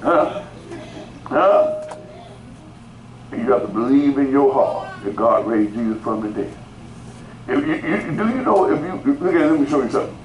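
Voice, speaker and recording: A man's voice: medium pitch, animated, normal speed, long pauses. A male pastor preaches a sermon, repeating words and calling out to the congregation in rising bursts. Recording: roomy echo, faint background noise.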